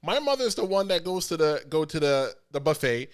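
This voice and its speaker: A man hosting a podcast in casual chat, an animated storyteller who acts out the people he quotes. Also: a little high, a little fast, clear, resonant tone. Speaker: podcast host.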